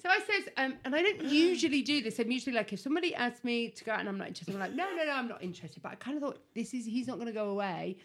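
Bright, giggly woman podcast host. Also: fairly high pitch, expressive, rapid-fire, hardly any pauses. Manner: giggly, rambling storyteller. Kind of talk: casual podcast chat.

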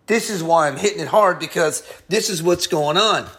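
An upset male pastor in full sermon, his voice sitting high for a man. He scolds and hammers each point, jumping between quiet asides and loud, heated outbursts. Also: moderate pace. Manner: heated, scolding, emphatic preaching with sudden swings of loudness. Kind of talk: fiery sermon.

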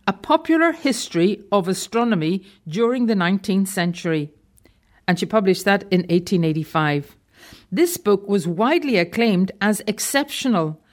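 A woman guest tells a historical story from a prepared script. Her delivery is measured and informative, sitting at an ordinary middle pitch for a woman. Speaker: guest contributor telling history stories. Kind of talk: prepared talk read from a script.

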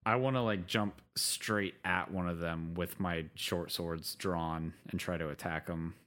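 A man's voice: deep voice, steady tone, unhurried, fairly bright tone. A man playing a tabletop game, talking hesitantly with lots of likes and ums and asking about the rules. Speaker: player. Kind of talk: casual tabletop play.

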